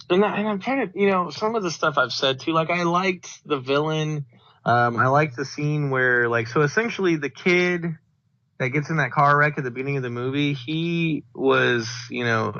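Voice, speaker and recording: A man's voice: medium pitch, pushed and bright. A man casually reviewing a movie on a podcast, rambling with lots of fillers and retelling scenes. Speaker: podcast co-host. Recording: dull lo-fi dry recording.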